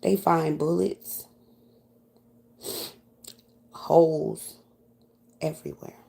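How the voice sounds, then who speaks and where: Her voice is deep and creaky and she talks very slowly. A woman from New York, with a New York accent, she tells an audience a profane story in a casual, animated manner.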